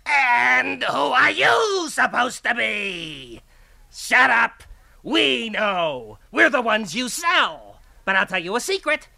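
A man's voice: very high-pitched, sing-song, slow, vocal fry, sharp tone, voice pushed up, heavily acted. A man voicing a cruel, gleeful demonic baby chick, screeching and taunting. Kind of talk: dramatic story reading.

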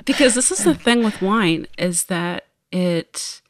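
A woman with a New Zealand accent, a guest explaining her view in a thoughtful, measured way. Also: medium pitch, animated, no room sound, clean studio sound. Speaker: guest, wine business co-founder. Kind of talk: reflective interview talk.

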